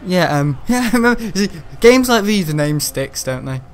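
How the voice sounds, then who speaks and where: A gaming livestreamer chats casually while playing, rambling and grumbling between frequent laughs. His high-pitched voice swings widely in pitch, and he talks at a normal speed.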